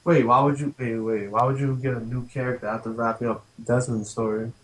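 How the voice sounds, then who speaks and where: A man's voice: mid-range voice, fairly even intonation, fairly quick, poor audio. A man co-hosting a podcast, chatting casually in a hesitant, questioning way. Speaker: podcast co-host. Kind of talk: casual chat.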